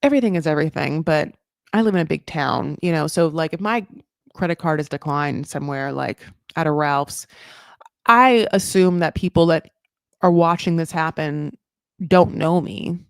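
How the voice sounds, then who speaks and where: A woman with a fairly low voice gives a loose, rambling recap, packed with fillers and casual swearing. She jumps into high mock voices to act out quotes. The sound is close and dry. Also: moderate pace, creaky, dry recording. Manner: chatty, full of "like" fillers, swears freely. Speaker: recap show host.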